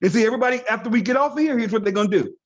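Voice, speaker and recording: A man's voice: very high-pitched, rapid-fire. A man giving an emphatic, motivational training talk on a video call, repeating his key phrases to drive them home. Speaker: network marketing trainer. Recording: dull lo-fi call audio.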